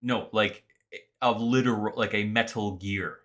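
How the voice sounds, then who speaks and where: A man co-hosting a podcast, recapping a video game in animated, sarcastic casual chat. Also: lowish voice, a little slow. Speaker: podcast co-host.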